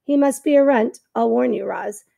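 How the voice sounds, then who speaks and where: A woman voicing an old, bossy female goose in a storybook reading, brisk and scolding. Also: on the high side, gravelly, no room sound, dull audio.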